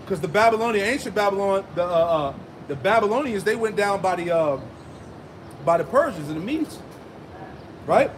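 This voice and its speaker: A man's voice: high-pitched, expressive, moderate pace, a little hiss or hum. A man preaching a street sermon, reading scripture and adding emphatic asides with rhetorical "right?" and "man.".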